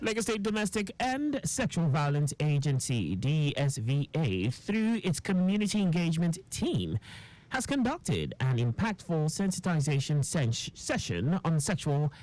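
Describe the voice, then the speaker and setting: A newsreader, reading a radio news bulletin in a formal, measured way. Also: medium pitch, faint music behind, low-quality recording. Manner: formal, measured read with lively intonation.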